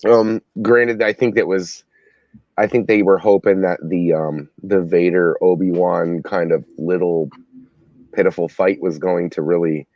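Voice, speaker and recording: A man co-hosting a casual review chat, talking hesitantly with many pauses and fillers. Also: deep voice, steady tone, darkish tone, no room sound. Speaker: podcast co-host. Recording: dull, dry, lo-fi audio.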